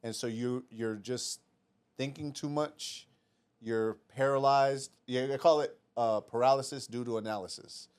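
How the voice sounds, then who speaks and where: A man's voice: medium pitch, steady tone, unhurried, clear, resonant tone. A man hosting a casual podcast, affirming his guest and talking loosely with lots of "bro". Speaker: podcast host.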